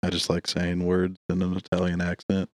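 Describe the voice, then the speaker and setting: A man guesting on a podcast, playing a quiz with jokey, drawn-out deadpan answers. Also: deep voice, no room sound, clean studio sound. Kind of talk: casual podcast chat.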